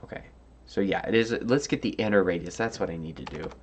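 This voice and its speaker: A man's voice: deep voice, quick pace, slight background noise. A tired man thinking aloud as he works through a coding puzzle, hesitant and musing, with many fillers and restarts. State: tired, yawning. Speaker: coding tutorial host.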